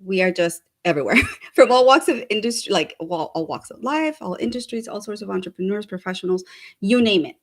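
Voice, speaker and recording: A woman co-hosts a casual talk show in an energetic, upbeat way, handing out one shout-out after another. Her voice sits in a middle pitch. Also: brisk. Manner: energetic, gives many shout-outs. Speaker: co-host. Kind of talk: casual chat.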